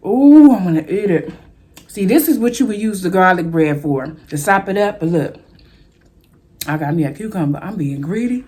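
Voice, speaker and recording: A woman's voice: fairly low pitch, lively intonation, moderate pace, breathy edge. A woman hosting a mukbang food vlog, chatting casually to her viewers as she eats. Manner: chatty, addresses viewers as y'all, eats between words. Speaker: food vlogger.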